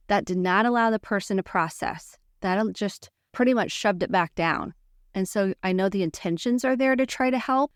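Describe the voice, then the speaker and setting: A woman's voice: fairly low pitch, no room sound, studio quality. A woman therapist hosting a podcast, teaching communication skills in an earnest, coaching monologue and acting out sample phrases.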